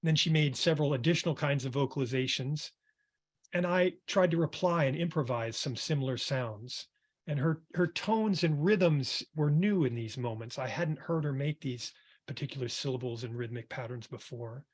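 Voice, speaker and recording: A man, a music therapist, reading a passage from his book aloud in a calm, reflective way, then turning to a panel. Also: medium pitch, normal speed. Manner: calm, reflective, with some hesitant fillers.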